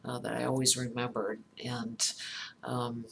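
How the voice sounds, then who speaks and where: A middle-aged woman speaking slowly and thoughtfully. She recounts a personal story and often pauses with fillers and restarts. A faint hum of room ambience sits behind her. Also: a bass voice, flat delivery, vocal fry. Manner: halting, many fillers and restarts. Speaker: psychologist talking about empathy.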